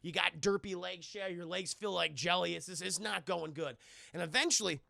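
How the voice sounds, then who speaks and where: A man streaming a casual, profane movie recap to his chat, animated and acting out the characters' lines. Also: sits high, normal speed, creaky, dry recording, studio quality. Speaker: streamer and film reviewer.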